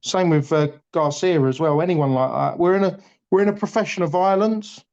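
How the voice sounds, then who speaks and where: A man's voice: a little high, normal speed, a little mellow. Blunt, passionate man, lo-fi sound. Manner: blunt, passionate, swears freely. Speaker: boxing pundit. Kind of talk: casual podcast chat. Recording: dull lo-fi audio.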